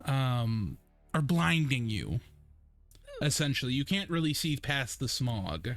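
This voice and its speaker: A young man narrating a tabletop game as game master, unhurried and descriptive with frequent ums. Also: mid-range voice, big pitch swings, a bit bright. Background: faint background music.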